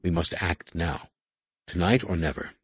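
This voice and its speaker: A man's voice: deep voice, unhurried, slightly rough, no room sound. Man doing a growling scarred alien warrior. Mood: gruff. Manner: growling, curt. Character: scarred alien male warrior, gruff and suspicious.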